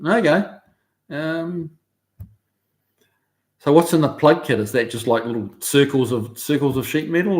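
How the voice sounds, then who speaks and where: Speaking from his car shop, this middle-aged Kiwi man runs a casual live stream and chats his way through viewer comments, dropping lots of ums and uhs. His pitch is medium.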